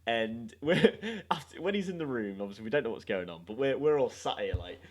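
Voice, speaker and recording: A young man hosting a podcast, telling a story in a sweary, animated way and laughing along. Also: mid-range voice, a little fast. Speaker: podcast host. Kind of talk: casual storytelling chat.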